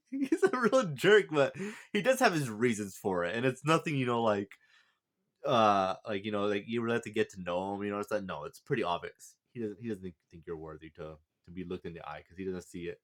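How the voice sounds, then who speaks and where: A man's voice: on the low side, fast, a bit bright. Rambling man recapping an anime. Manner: rambling, heavy on fillers and restarts. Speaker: anime reviewer. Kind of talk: casual plot recap and character review.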